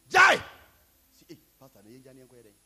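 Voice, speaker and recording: A man with a Ghanaian accent preaching a sermon, building up to shouted lines. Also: fast, low-quality recording. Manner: preaching, switching between Twi and English, rising to shouts. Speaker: pastor. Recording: with loud music behind.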